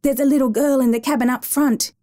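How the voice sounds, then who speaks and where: A woman's voice: high voice, steady tone, fast, mellow, dry recording, clean studio sound, pitched above the performer's own voice, close to an everyday voice. A woman reading a story aloud, voicing an exhausted male water police sergeant who speaks in a gasping, breathless way. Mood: strained. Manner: breathless, gasped.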